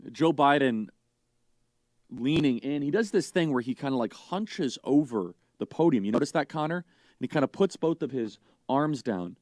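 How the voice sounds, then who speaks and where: A man's voice: mid-range voice, lively intonation, normal speed, a little mellow, dry recording. A man giving opinionated political commentary in a scornful, mocking way.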